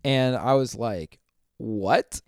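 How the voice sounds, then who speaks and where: Young man, youth minister guest, smooth clear voice, dry close sound, animated storyteller. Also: medium pitch, moderate pace, dry recording. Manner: animated retelling, acting out quotes, many "like" fillers. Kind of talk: casual storytelling interview.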